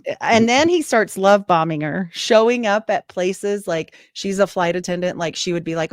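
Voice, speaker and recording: Medium-pitched and moderately paced, this woman is captured in a dry, clean studio recording. In a relaxed interview as a podcast host or guest, she animatedly spins a long story and acts out what people said with lively voices.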